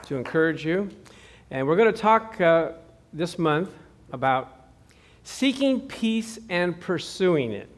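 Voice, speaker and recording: A male pastor preaching a sermon with a notably high voice. He tells personal stories in a chatty, easygoing way and keeps calling out to the congregation for responses. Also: sing-song, slow pace. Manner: chatty storytelling with crowd call-outs.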